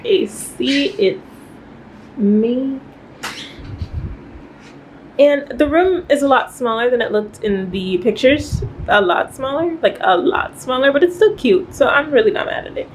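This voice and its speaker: A woman's voice: a little high, a little hiss or hum, rough recording. A young woman vlogging casually as she shows off her hotel room, chatty and playful. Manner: chatty and animated, playful asides. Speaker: travel vlogger. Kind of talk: casual vlog chat.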